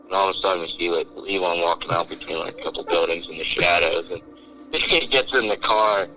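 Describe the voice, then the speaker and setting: A man's voice: sits low, fairly quick, poor audio. A man hosting a podcast, telling a long story with lots of animation and quoting his friends in different voices. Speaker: podcast host. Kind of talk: casual storytelling chat.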